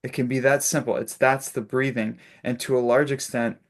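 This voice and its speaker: A man's voice: medium pitch, level tone, normal speed. A man facilitating a spiritual discussion on a video call, telling stories and acting out little quotes with laughs. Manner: warm storytelling with laughs and acted-out quotes.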